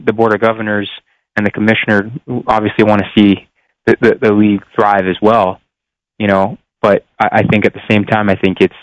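A young man speaks as a radio guest in an earnest, searching way, his voice low and smooth with an even, flat delivery. The sound is dry and a little dull, as on a lo-fi line. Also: no room sound. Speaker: professional football player.

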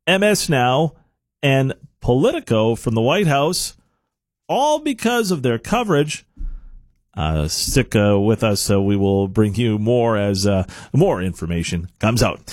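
A man in his forties hosting a morning TV show, moving briskly from breaking news to a cooking segment. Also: mid-range voice, no echo, studio quality. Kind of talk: live morning TV news and chat.

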